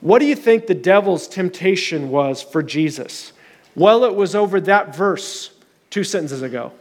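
Earnest high-voiced male pastor preaching. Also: animated, moderate pace, in a large hall. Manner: earnest, conversational preaching with scripture readings. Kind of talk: sermon.

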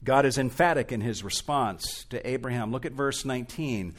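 A man's voice: medium pitch, normal speed. A male pastor preaching an expository sermon in a church, earnest and emphatic, rising and falling in intensity.

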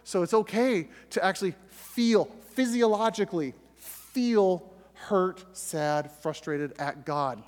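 A man's voice: high voice, slow. A middle-aged man teaching a sermon to a group in a conversational way, acting out prayers and correcting himself as he goes. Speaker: pastor. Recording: reverberant hall recording.

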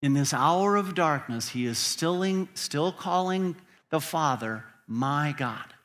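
A man's voice: fairly high pitch, lively intonation, slow, a bit bright. A man preaching a sermon as pastor, earnest and building to emphatic peaks.

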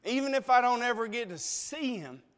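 A man's voice: extremely high pitch, expressive, normal speed, a bit bright, clear, resonant tone, in a large hall. A man preaching a sermon, emotional and tearful, pressing his listeners with pleading questions.

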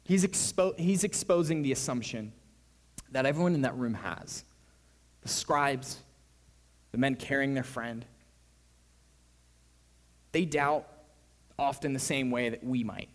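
A young man delivers a sermon in a relaxed, conversational way and slips into the voices of the people in his story. His voice sits at a middle pitch. A long hall reverb trails after each phrase. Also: a little slow, pauses often. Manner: casual, storytelling, acts out quoted voices. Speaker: preacher.

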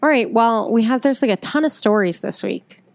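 A woman's voice: a little high, expressive, normal speed, vocal fry, a little mellow, no room sound. A woman co-hosting a podcast, easygoing in casual chat and retelling a listener's story. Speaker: podcast co-host.

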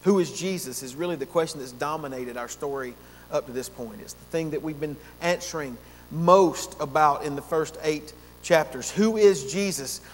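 A man's voice: fairly high pitch, moderate pace, a little hiss or hum. A man preaching an expository sermon as pastor, earnest, drawing out key words to stress them. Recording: long hall reverb.

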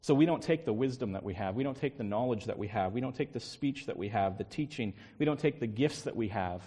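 A man's voice: mid-range voice, expressive, quick pace, mellow, slightly rough. Man preaching in a reverberant hall. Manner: emphatic preaching with rhetorical questions. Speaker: pastor. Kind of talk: sermon.

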